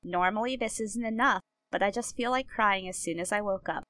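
A young woman co-hosting a podcast, chatting casually and laughing often as she talks. Her voice sits at an ordinary middle pitch and sounds close and dry, with no room around it. She leans on loose filler words. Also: a little fast, a bit bright, no room sound. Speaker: podcast co-host.

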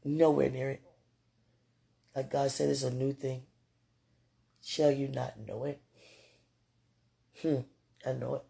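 A woman with a husky, gravelly voice records a casual spoken message to someone she loves. Her tone is mellow and dark, and her talk wanders affectionately, broken up by frequent laughs. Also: rumbling low, steady tone, takes it slowly, pauses often. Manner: affectionate, rambling, laughs often.

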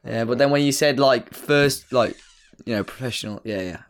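A man playing along in a casual quiz with friends, chatty and thinking out loud. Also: mid-range voice, normal speed. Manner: lively, chatty, thinks aloud. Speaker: quiz player. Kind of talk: casual banter.

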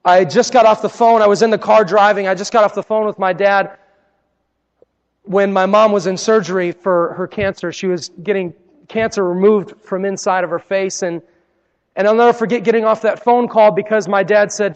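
A male pastor with a high voice preaches with earnest, personal storytelling, sinking into hushed tones for emphasis. His voice rings out with a long reverb, as in a big hall. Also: steady tone, normal speed, highs cut off. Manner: earnest, personal storytelling with dramatic quiet drops. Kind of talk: sermon.

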